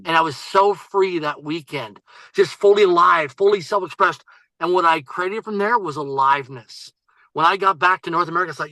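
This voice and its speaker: A man with a notably high, bright voice tells stories as a podcast guest. He talks with emphatic, driving energy and keeps repeating his key phrases. The sound is close and dry. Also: moderate pace, no echo, low-quality recording. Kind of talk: energetic storytelling.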